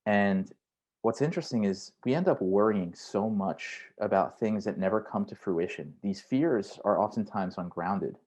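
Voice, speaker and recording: A man's voice: lowish voice, normal speed, a little mellow. A man who is a career coach, giving an online workshop in a conversational way and often checking in with "right?". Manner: conversational, frequent "right?" tags; acts out inner voices in quotes.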